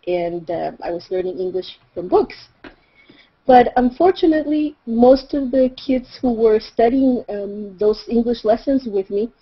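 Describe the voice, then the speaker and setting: A middle-aged Mexican woman whose first language is Spanish tells a personal story reflectively in a Mexican accent, with fillers and soft laughs. Her voice is fairly high, expressive and husky, her pace measured, and the recording slightly dull.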